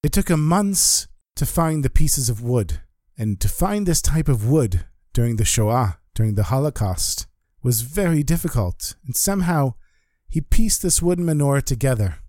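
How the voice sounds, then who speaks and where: A man's voice: mid-range voice, lively intonation, moderate pace, a little mellow, dry recording, studio quality, close to an everyday voice. A man voicing a resolute store owner explaining why he keeps an old keepsake, firm and conversational. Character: resolute male shop owner.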